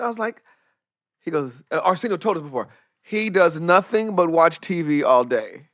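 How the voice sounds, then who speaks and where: A man with a high-pitched voice tells animated stories in a relaxed podcast conversation. He swears freely and slips into the voices of the people he describes. The sound is dry and close, with no room echo. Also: normal speed. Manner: profane, acts out voices in his anecdotes. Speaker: guest, comedian and director. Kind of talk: animated storytelling in casual chat.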